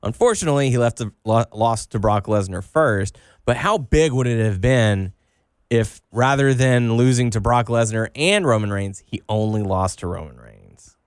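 A man's voice: medium pitch, lively intonation, normal speed, smooth, no room sound, clean studio sound. A man co-hosting a casual wrestling podcast, recapping matches with lots of ums and playful quotes. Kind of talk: casual chat.

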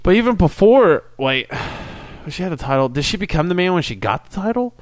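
A man's voice: high-pitched, sing-song, brisk, no room sound. A man in a casual chat as a podcast co-host, cynical and rambling, often restarting his sentences. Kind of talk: casual chat about wrestling.

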